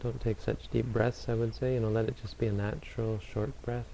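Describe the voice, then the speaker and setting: A man who is a Buddhist meditation teacher, answering audience questions in a calm, unhurried, gently advising way. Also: lowish voice, creaky, slight background noise, low-quality recording.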